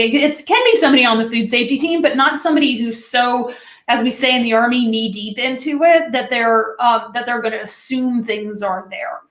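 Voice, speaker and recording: A woman's voice: a little high, a bit bright, echoey room. A woman, a food safety consultant, giving a conversational training webinar and speaking directly to her listeners. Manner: chatty and direct, talks to listeners as friends.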